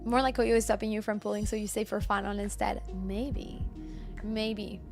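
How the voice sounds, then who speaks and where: A woman's voice: medium pitch, level tone, fast, gravelly, faint music behind. A woman streaming a game, chatting casually with viewers, apologetic and laughing often. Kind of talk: casual live-stream chat.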